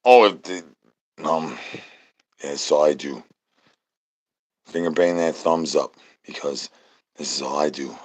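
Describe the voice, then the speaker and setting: A man's voice: very deep voice, takes it slowly, long pauses. Goofy man rambling singsong nonsense. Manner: goofy rhyming nonsense talk with singsong repeats. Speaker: livestream host. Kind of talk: rambling comedic stream chatter.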